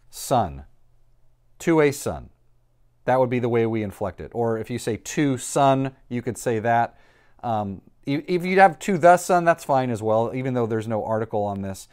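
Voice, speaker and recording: A man teaching a recorded lesson. He talks patiently and reassuringly, explains step by step and thinks aloud while he writes on a board. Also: mid-range voice. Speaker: Greek teacher.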